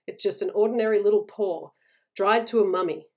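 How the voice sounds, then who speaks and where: A woman's voice: mid-range voice, fairly even intonation, fairly quick, a little mellow, lightly acted. A woman voicing a grave, haunted older male soldier who speaks with serious warning.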